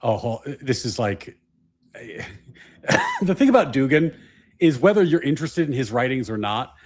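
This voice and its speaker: Podcast cohost guy, regular pitch but swoopy, dry jokey comments. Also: sing-song, normal speed, darkish tone. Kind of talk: casual chat.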